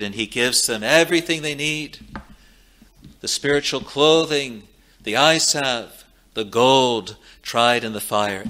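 Slow, bright-voiced male preacher. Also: fairly low pitch. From Scotland. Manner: slow, measured preaching with solemn emphasis and repeated phrases. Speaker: pastor. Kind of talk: sermon.

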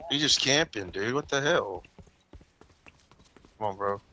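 A man's voice: lowish voice, a little slow, a little hiss or hum, poor audio. A man trash-talking and teasing friends while playing a shooter game. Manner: loud, teasing trash talk. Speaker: gamer. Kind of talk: casual chat while gaming.

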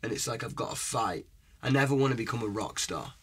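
A man's voice: mid-range voice, a little fast, a bit bright, slightly rough. A young man, a musician guest in a casual interview, talking earnestly in long rambling runs and often asking whether he is understood. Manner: earnest and rambling, often asks "you know what I mean?".

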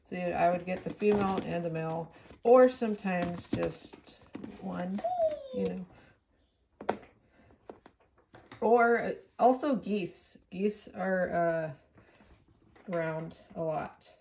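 A woman's voice: on the low side, takes it slowly, gravelly, long pauses, noisy background. A woman vlogging in a casual, rambling way, talking to her viewers and cooing at her pet. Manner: chatty, rambling, with gentle baby talk to her pet. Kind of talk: casual chat to camera.

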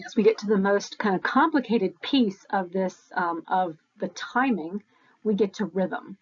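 A woman lecturing to a class in a loose, conversational way, often restarting her sentences and counting beats aloud. Her voice sits at a middle pitch for a woman. The recording is dull and lo-fi. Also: breathy edge.

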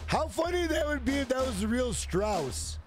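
Foul-mouthed streamer guy, very high lively voice, faint music behind. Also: moderate pace. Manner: brash, profane, shouts greetings to chat. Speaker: gaming livestreamer. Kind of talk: casual livestream chat.

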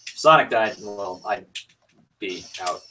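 A man livestreaming a fighting game, swearing and yelling outbursts between muttered comments. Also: lowish voice, animated, unhurried, distant mic, noisy background.

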